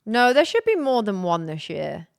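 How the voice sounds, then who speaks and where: A woman's voice: mid-range voice, very animated, normal speed, gravelly, dry recording, studio quality. A young woman chatting casually on a live stream, rambling and giggly.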